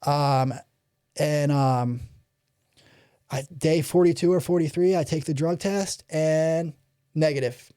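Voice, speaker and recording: Rambling storyteller man, mellow voice. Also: fairly high pitch, slow pace, long pauses, smooth. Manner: rambling, many ums, profanity, acts out quoted voices. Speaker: podcast guest. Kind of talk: candid storytelling interview.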